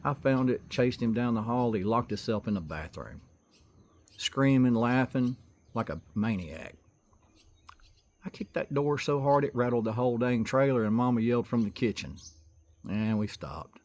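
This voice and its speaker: A man's voice: medium pitch, normal speed. A man telling comic childhood stories in a folksy, exaggerated way. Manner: folksy, exaggerated, building to excited outbursts. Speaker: storyteller comedian. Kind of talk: comic storytelling monologue.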